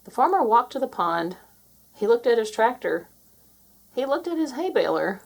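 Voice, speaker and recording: A woman narrating a children's picture book aloud in an expressive storytelling manner. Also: on the high side, normal speed, gravelly. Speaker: storybook reader.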